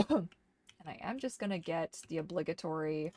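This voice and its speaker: A woman's voice: low voice, animated, a little slow, gravelly, darkish tone, dry recording. A woman chatting casually while streaming a game, slipping into doting baby talk to her dog. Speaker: gaming streamer. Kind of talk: casual gameplay chat.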